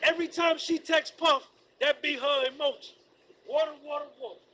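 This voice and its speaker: High, bright-voiced man streaming live. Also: normal speed, poor audio. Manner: animated, repetitive, sings snatches. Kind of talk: rambling casual commentary.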